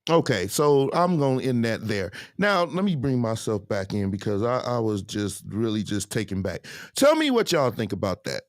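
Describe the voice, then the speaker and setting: A man's voice: on the low side, very animated, moderate pace, hardly any pauses, dry recording, clean studio sound. A man hosting a show, commenting on a clip and addressing his viewers in a direct, opinionated way. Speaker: host reacting to clips.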